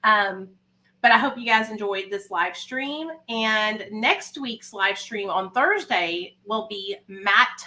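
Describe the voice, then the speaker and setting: A woman's voice: mid-range voice, lively intonation, takes it slowly, sharp tone, poor audio. A young woman hosting a livestream, talking candidly and emotionally, rambling with fillers. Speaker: livestream host. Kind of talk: casual livestream talk.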